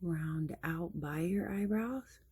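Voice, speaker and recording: A woman talks through her morning makeup routine in a casual, chatty way, explaining each step as she goes. Her voice is slightly husky. She often pokes fun at herself. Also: fairly low pitch, slow pace, warm tone. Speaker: makeup vlogger.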